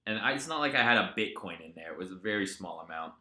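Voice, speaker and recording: Profane, bright-voiced crypto stream host. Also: male voice, deep voice, fast talker, roomy sound. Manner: profane, animated storyteller. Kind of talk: casual live-stream chat.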